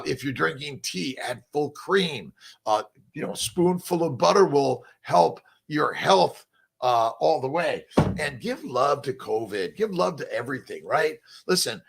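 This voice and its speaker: A man's voice: fairly high pitch, vocal fry, slightly rough. An older man, a doctor hosting a rambling morning motivational talk, folksy and preachy, with many fillers and free swearing.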